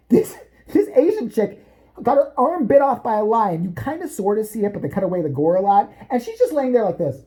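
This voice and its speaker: Foul-mouthed, animated woman ranting. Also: on the high side, fairly quick. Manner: foul-mouthed, animated, sarcastic, jumps between topics. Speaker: vlogger. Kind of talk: profane comedic rant.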